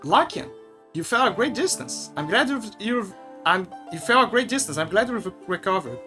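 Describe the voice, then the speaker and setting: A streamer reading aloud the lines of a calm, measured soldier in a game. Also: medium pitch, soft background music.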